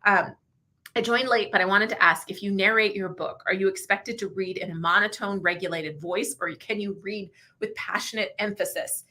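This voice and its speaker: A woman hosting a casual livestream, chatty and quick to laugh, who answers viewer questions and reads passages aloud to show how to narrate. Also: mid-range voice, steady tone, pushed and bright. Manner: chatty, laughs often, demonstrates slow audiobook reading. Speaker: livestream host.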